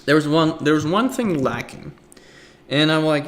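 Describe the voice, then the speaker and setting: A man's voice: on the high side, animated, moderate pace, a bit bright. Rambling young man lecturing on art. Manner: rambling, filler-heavy, breaks into acted voices and sound effects. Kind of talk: casual recorded lecture.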